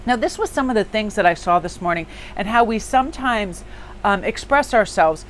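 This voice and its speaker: A woman reads tarot cards in an easygoing, conversational way. Her voice sits at a middle pitch, and she talks emphatically, with plenty of filler words. There is a faint hiss of noise underneath. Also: lively intonation, normal speed, poor audio. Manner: chatty and emphatic, lots of "like" fillers. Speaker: tarot reader and small business owner. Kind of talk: casual daily tarot reading.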